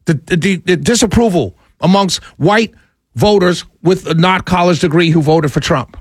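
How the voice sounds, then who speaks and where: A man's voice: high voice, moderate pace, breathy edge, no room sound, clean studio sound. A man giving ranting commentary to his audience, exasperated and incredulous, often stammering and laughing in disbelief. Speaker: political commentator.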